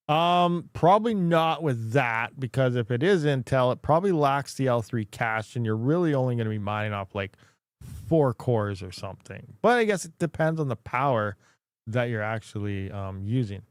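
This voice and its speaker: A man's voice: fairly high pitch, dry recording, clean studio sound. A man hosting a casual livestream, rambling, thinking aloud and laughing often. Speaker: crypto mining livestream host.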